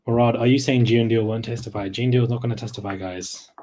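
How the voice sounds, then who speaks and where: A man hosting a casual livestream, chatting straight to his viewers in a relaxed, murmuring way. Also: medium pitch, fast talker, slight background noise. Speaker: livestream host.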